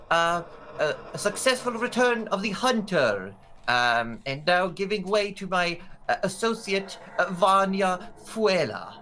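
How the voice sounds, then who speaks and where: A man voicing a small, nervous male gnome official who speaks haltingly, full of ums. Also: high-pitched, bright, forceful tone, voice pushed up, exaggerated voice, poor audio.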